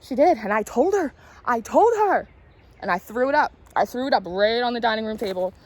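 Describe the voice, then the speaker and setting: A little high and animated, her voice comes fast with no room sound. The speaker, a spiritual vlogger and tarot reader in her late twenties, walks and talks through candid, rambling stories, confiding and occasionally swearing.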